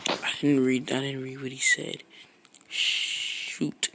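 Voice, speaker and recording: A man's voice: medium pitch, little pitch movement, slow, gravelly, very noisy. A man streaming a block-building game, chatting casually in a rambling, slangy way that often trails off into a mutter. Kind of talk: casual live-stream chat. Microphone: own streaming mic.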